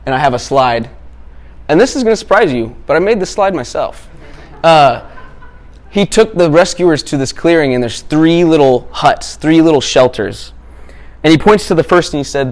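Conversational man preaching a sermon. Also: on the high side. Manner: conversational, self-deprecating, with asides and restarts.

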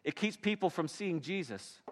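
A pastor preaching a sermon with dynamic delivery, swinging between soft and loud passages. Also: male voice, a little high, animated, normal speed, long reverb tail.

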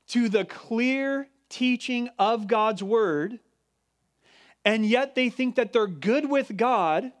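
A man with a high voice delivers a sermon with earnest emphasis. He slows down to stress key words, then picks the pace back up. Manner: earnest, emphatic preaching with deliberate slowed stresses. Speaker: pastor.

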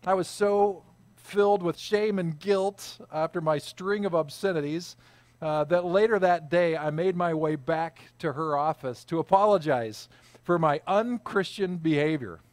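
A man's voice: on the high side, unhurried, no echo. Conversational preacher man, dry close sound. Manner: conversational, self-deprecating, frequent uh fillers. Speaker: pastor. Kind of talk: sermon with personal storytelling.

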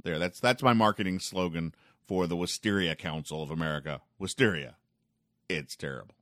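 Deep-voiced man, dry rambling sarcasm. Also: fairly quick, a bit bright, no echo. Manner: dry, rambling, sarcastic humor with many fillers. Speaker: comics reviewer. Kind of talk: casual spoken commentary.

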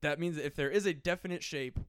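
A man on a podcast in casual chat, rambling excitedly and swearing freely, his voice cracking now and then. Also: on the high side, fast, clean tone, no echo, studio quality. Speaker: podcast guest.

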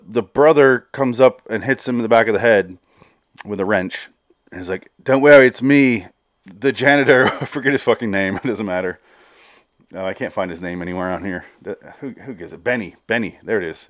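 His lowish voice comes through clean studio sound without any room noise as he recaps a TV episode for his podcast. He rambles loosely, laughs, cusses freely, and quotes characters in fast bursts.

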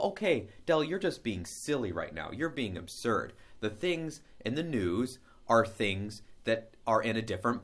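A man vlogging a casual monologue, musing aloud in a rambling, animated way. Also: medium pitch.

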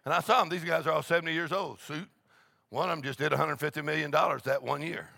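Gravelly shouting preacher, man. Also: on the high side, fairly even intonation, fast talker, no room sound. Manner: shouting and laughing exuberantly. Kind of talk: charismatic sermon. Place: church meeting.

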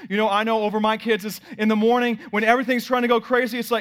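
A pastor in his thirties telling a family story in a sermon, swinging from loud bursts to quiet asides. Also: sits high, level tone, quick pace, few pauses, clean tone.

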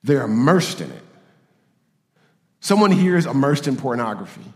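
Man pastor, lively pitch, preaching in a roomy hall, slightly high voice. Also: moderate pace. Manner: animated, acts out quoted voices, repeats phrases. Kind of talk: sermon.

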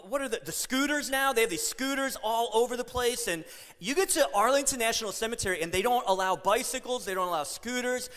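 Bright high-voiced male pastor in a hall. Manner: conversational, storytelling with asides and self-corrections. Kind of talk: sermon. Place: church sanctuary. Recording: long hall reverb.

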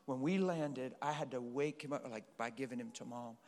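A medium-pitched male voice at a moderate pace belongs to a middle-aged pastor preaching in a church hall. Animated, he shares stories and pleads with the congregation before him. The room gives a long, echoing reverb.

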